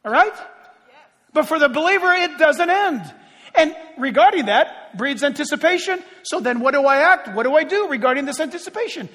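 A man with a very high voice preaches a sermon from the pulpit and keeps putting direct questions to his congregation. His voice rings with a long reverb through the church sanctuary. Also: lively intonation, brisk, a bit bright. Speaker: pastor.

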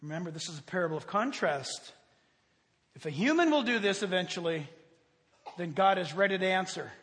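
Animated high-voiced male preacher in a hall. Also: fairly quick. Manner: animated, acts out prayers and dialogue, asks the congregation questions. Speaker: pastor. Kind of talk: sermon. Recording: long hall reverb.

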